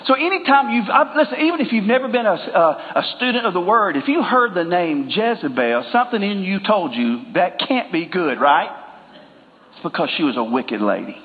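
A male pastor with a high voice preaches to his congregation, chatting with them and joking before slowing down to stress a point. The sound has the long echo of a church hall. It comes through a narrow, phone-like line. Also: big pitch swings. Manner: conversational, jokes with the congregation, slows for emphasis. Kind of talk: sermon.

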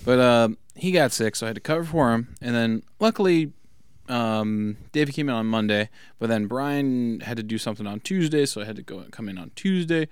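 A man co-hosting a comics podcast, chatting casually and breaking into quick impressions of other people. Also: mid-range voice, animated, smooth, dry recording. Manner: chatty, quick to mimic others in put-on voices. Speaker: podcast co-host. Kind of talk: casual chat.

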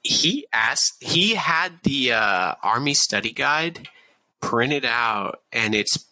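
A man's voice: medium pitch, sing-song, takes it slowly, bright, forceful tone, no room sound. A young man, a podcast guest, telling a long casual army story full of swearing and breaking into laughter. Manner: profane, laughs through his own story.

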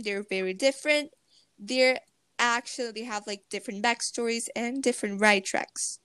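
A woman's voice: medium pitch, fairly bright tone, clear, resonant tone, no echo. A woman chatting casually about theme park rides over a video call, rambling and giggly. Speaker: presenter.

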